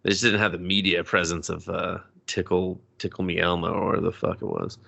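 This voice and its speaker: A man's voice: low voice, a little fast, gravelly. A man co-hosting a movie review podcast, casually retelling scenes and acting out lines with swearing and laughter. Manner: animated retelling with voiced quotes, swearing, laughing. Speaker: podcast co-host.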